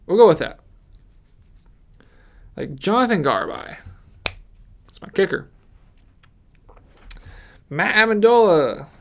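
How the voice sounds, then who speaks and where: A man's voice: mid-range voice, animated, unhurried, creaky, pauses often. A man giving casual, rambling commentary on his fantasy football mock draft, ranting with frequent restarts.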